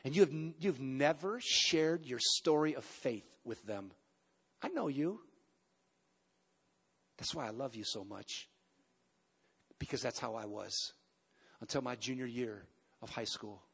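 A man in his fifties preaching a sermon in a large church, telling his story in an animated way with emphatic pauses and sudden loud bursts. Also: mid-range voice, husky.

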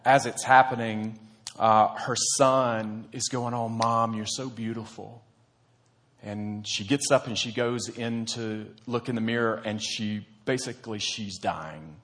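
A man's voice: fairly low pitch, a bit bright. A man, a church pastor, preaching a sermon in an earnest, conversational storytelling manner.

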